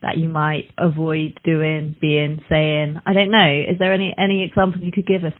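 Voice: mid-range voice, flat delivery, moderate pace. Tentative podcast host on a tinny line. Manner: encouraging, tentative questions. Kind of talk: interview questions. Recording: tinny phone-like remote audio.

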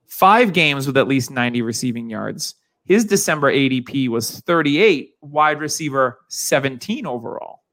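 A man's voice: medium pitch, animated, normal speed, a bit bright. A man hosting a casual podcast, running a sports quiz segment in an upbeat, quizmaster-like way.

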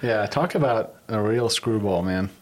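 A man co-hosting a podcast, casually retelling a story with animated, amused commentary and easy laughter. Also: fairly low pitch, unhurried. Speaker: podcast co-host.

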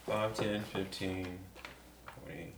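A man playing a tabletop game, talking in lively, boastful banter. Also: lowish voice, slow pace. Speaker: player. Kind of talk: casual tabletop game play. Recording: roomy with crowd noise.

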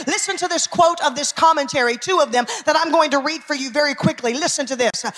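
A woman's voice: high voice, fast, hardly any pauses, fairly bright tone. A woman pastor, preaching an emphatic sermon and calling out to her congregation. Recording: long hall reverb.

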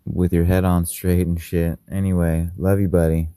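A man's voice: deep voice, little pitch movement, normal speed, dark tone, no room sound, studio quality. A man sends a casual, joking message of encouragement to a friend.

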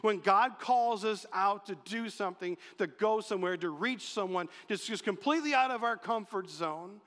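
A man preaching a sermon, animated and acting out quotes in changing voices. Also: high voice, normal speed. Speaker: pastor. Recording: long reverb of a large hall.

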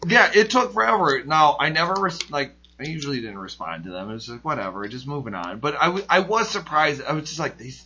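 A man's voice: fairly high pitch, animated, fairly quick, few pauses, sharp tone, slight background noise. A man chatting casually on a podcast, telling a long story full of "like" and acting out his own quotes, on a dull lo-fi recording.

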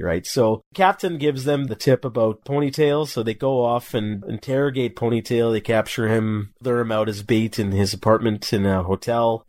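A man hosting a casual movie podcast, animated and laughing, acting out lines from the film. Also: medium pitch, dry recording. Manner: animated, laughing, quoting lines in loud voices. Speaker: podcast host.

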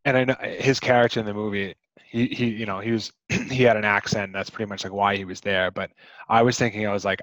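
Male podcast co-host, casual rambling talker, low voice, dry muffled sound. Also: fairly even intonation, quick pace, fairly bright tone, no room sound. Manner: rambling, chatty with many fillers. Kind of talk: casual movie discussion.

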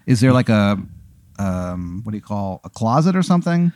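A man's voice: fairly low pitch, very animated, normal speed, darkish tone, dry recording, clean studio sound. A man playing along in a comedic improvised scenario, reacting expressively with dismay and surprise. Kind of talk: casual comedic chat.

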